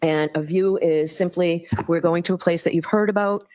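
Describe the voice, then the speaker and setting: A woman's voice: on the low side, steady tone, darkish tone, no room sound, low-quality recording. A woman judge giving formal, methodical instructions to a jury in a courtroom. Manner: measured, methodical.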